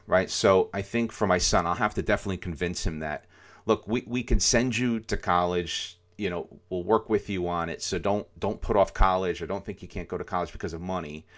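A middle-aged man with a very low voice talks on a podcast in a loose, rambling way. He fills his sentences with "um" and "you know" and often restarts them. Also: a bit bright. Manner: rambling, many fillers and restarts. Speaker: podcast co-host. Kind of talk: casual podcast chat.

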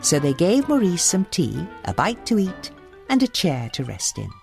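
A woman reading a children's storybook aloud with expressive delivery, faint music behind. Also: fairly low pitch, normal speed, vocal fry. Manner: expressive, animated.

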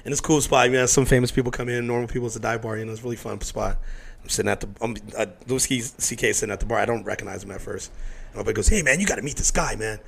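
A middle-aged man chatting casually, telling animated stories, acting out the voices of people in them and swearing freely. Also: lowish voice, very fast, vocal fry. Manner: animated storyteller who acts out quotes, swears freely. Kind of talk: casual conversation.

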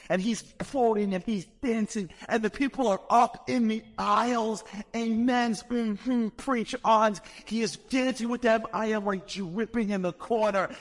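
Fast-talking New man telling stories. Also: sits high, long reverb tail. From New York. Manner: fast-talking, animated, acts out reactions. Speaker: speaker telling a personal story. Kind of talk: humorous storytelling talk.

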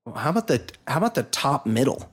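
A man's voice: medium pitch, very animated, quick pace, breathy edge. Rambling, profane male podcast host. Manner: rambling, profane storytelling with many fillers. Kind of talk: casual chat.

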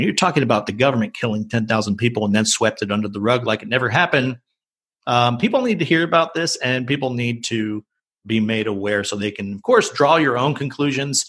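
A man's voice: medium pitch, a bit bright, husky. A man hosting a podcast, talking casually with wry jokes and reading out sources. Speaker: podcast host.

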